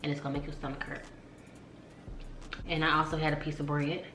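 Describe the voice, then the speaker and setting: A woman's voice: sits low, flat delivery, brisk, noisy background. A young woman vlogging casually to camera, chatty and slangy, calling out to her viewers often. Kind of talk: casual vlog chat to camera. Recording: echoey room.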